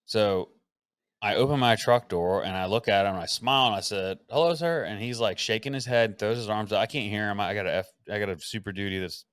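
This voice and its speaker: Man, podcast host, low voice, casual animated storytelling, swears, dry sound. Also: a little fast, clear, resonant tone, dry recording. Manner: animated, acts out quotes, swears freely.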